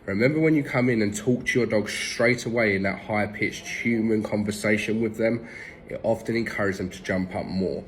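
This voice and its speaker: A man's voice: fairly low pitch, normal speed, poor audio. A man with an English accent, a dog trainer giving blunt, direct tips and swearing casually. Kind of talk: instructional tips to camera. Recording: music playing behind.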